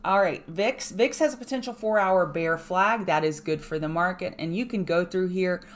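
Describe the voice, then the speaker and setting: Brisk, emphatic woman calling market levels. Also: on the low side. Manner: brisk, emphatic, repeats key points; chatty asides to viewers. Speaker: trading show host. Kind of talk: live market chart analysis.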